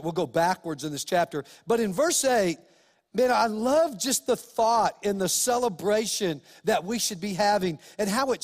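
A man preaching a sermon as pastor, passionate and animated, with dramatic emphasis and shifts between excited outbursts and hushed, solemn passages. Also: sits high. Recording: long hall reverb.

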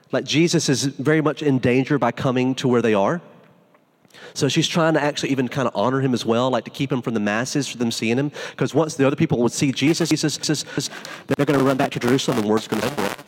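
A man's voice: medium pitch, quick pace, long reverb tail. A man preaching a sermon as pastor, in an informal, conversational way that is full of asides.

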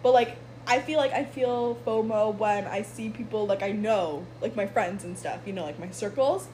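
A woman's voice: mid-range voice, moderate pace, warm tone, slight background noise, rough recording. A young woman hosting a podcast, chatting casually with lots of fillers and restarts. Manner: chatty, many fillers and self-interruptions. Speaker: podcast host. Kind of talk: casual chat.

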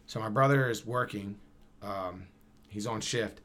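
Slangy New man, lowish voice. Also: measured pace. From Camden, New Jersey. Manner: animated, slangy, acts out dialogue. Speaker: guest. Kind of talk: casual storytelling.

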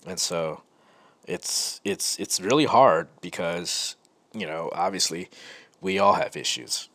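A man's voice: low-pitched, slow pace, fairly bright tone, no echo. A man hosting a podcast, telling a personal story in a rambling, conversational way full of self-corrections. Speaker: podcast host. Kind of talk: casual storytelling monologue.

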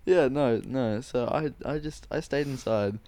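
A man co-hosting a podcast, telling a story in a casual, animated way, swearing a lot and acting out quotes. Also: mid-range voice, a little slow. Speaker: podcast co-host.

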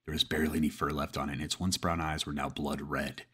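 A man narrating a first-person horror story in a steady reading voice, with occasional stumbles and restarts. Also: rumbling low, fast talker, breathy edge.

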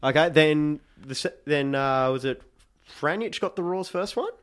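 An Australian man telling a football match story in a casual chat, animated and acting out shouts. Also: fairly high pitch, moderate pace, smooth.

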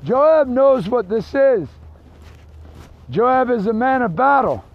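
A man preaching outdoors in a park, telling a story slowly and deliberately, dropping his voice for the quoted lines. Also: very high voice, animated, vocal fry, lo-fi sound. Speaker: street preacher. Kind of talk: sermon storytelling.

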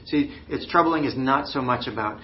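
A man's voice: medium pitch, moderate pace, a little hiss or hum. Earnest male pastor preaching, slightly muffled. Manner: earnest, with many restarts and "you know" fillers. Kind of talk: sermon.

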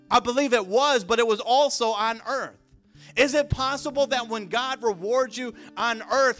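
A man preaching a sermon with passion, repeating phrases and rising to shouts for emphasis. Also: very high voice.

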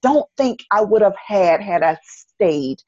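A woman's voice: mid-range voice, lively intonation, slow, dark tone, dry recording, highs cut off. A middle-aged woman with a Southern North Carolina accent, talking earnestly as a podcast guest and repeating phrases for emphasis. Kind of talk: casual interview conversation.

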